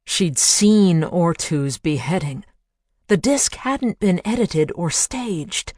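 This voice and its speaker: An audiobook narrator reading a thriller in a measured, hushed voice. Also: medium pitch, lively intonation, dry recording, studio quality. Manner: measured, hushed, building to intense.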